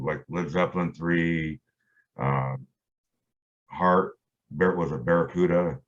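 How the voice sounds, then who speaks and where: A middle-aged male guitarist, interviewed as a guest, tells a long, rambling story full of fillers and restarts. He speaks slowly in a deep voice, and the audio is dull and lo-fi.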